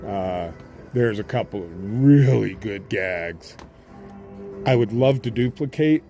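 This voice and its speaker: Rambling low-voiced man chatting on a live stream. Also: lively intonation, slow pace, warm tone, soft background music. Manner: rambling, with frequent uh's and restarts. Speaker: independent scanner-chasing reporter. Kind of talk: casual chat on a live stream. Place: outdoors at a haunted house attraction. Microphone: handheld phone camera.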